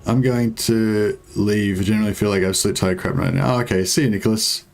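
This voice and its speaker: Young aussie streamer guy, low voice, rambly and hesitant commentary. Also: fairly even intonation, brisk, vocal fry, darkish tone. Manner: rambling, hesitant, many fillers, chuckles. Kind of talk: casual gameplay commentary.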